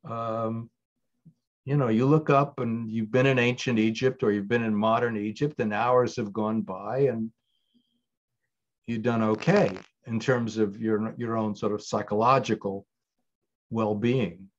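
A man's voice: on the low side, fairly even intonation, a little slow, muffled recording. Older man, digressive thoughtful answers. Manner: thoughtful, digressive, with many restarts. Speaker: guest writer-director. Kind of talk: conversational interview answers.

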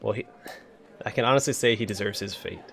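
A man's voice: fairly low pitch, fast, gravelly, a bit bright. Wry man commenting on gameplay. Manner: casual, wry remarks. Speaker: let's play host.

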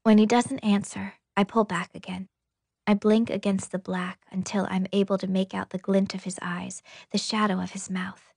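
Husky woman in whispered audiobook reading. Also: medium pitch, level tone, moderate pace, darkish tone, no room sound, clean studio sound. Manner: intimate, breathy, half-whispered. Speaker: audiobook narrator.

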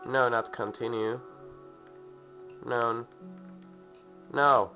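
Man doing game commentary, sarcastic, slow speech, dull lo-fi sound, faint game music. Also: mid-range voice, fairly bright tone. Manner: mock-posh put-on British voice at times, sarcastic. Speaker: let's play gamer.

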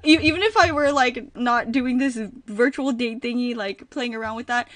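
A woman's voice: sits high, expressive, moderate pace, dry recording, recorded from a distance. A young woman streaming a reaction video, gushing and emotional, at times close to tears. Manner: gushing, emotional, swings to near tears and whispers. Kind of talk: excited reaction commentary.

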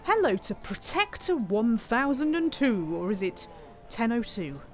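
A woman's voice: fairly high pitch, big pitch swings, a little slow, soft background music. A woman, chatting playfully while streaming a city-building game live, thanking viewers and talking to herself as she plays. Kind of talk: live-stream gameplay commentary.

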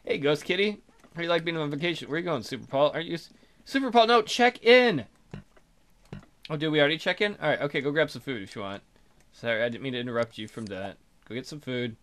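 A man's voice: a little high, quick pace, a bit bright. A man hosting a let's play, chatting casually and joking crudely about his game characters.

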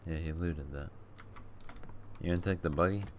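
A man streaming a game, chatting quietly and joking with a teammate. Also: deep voice, normal speed. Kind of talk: casual gaming chat. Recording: noisy stream audio.

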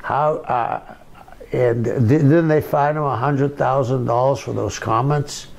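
A man talking slowly and deliberately in a casual wrestling interview. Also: medium pitch, fairly even intonation, creaky, darkish tone. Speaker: wrestling guest.

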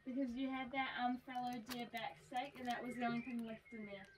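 A young New woman with a higher voice, playful and teasing in casual talk. She sounds a little away from the mic, with faint noise in the background. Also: little pitch movement, brisk, distant mic.

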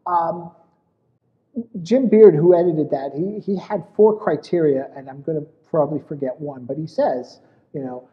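A guest who writes essays and hosts a podcast chats casually in an interview, drifting through his points, restarting sentences, and padding pauses with "you know." His voice is a little high at a moderate pace, and the audio is muffled and dull with a long room echo trailing off.

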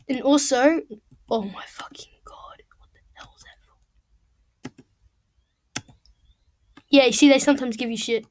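A young woman giving casual, rambling commentary while playing a game at home, excitable and swearing freely. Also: high voice. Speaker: gamer. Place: home room at a computer.

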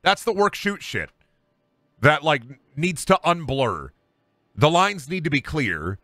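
A man's voice: a little high, very animated, slow, sharp tone, dry recording. A man streaming a game and ranting casually about wrestling, heated, emphatic and profane. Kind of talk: casual rant while gaming on stream.

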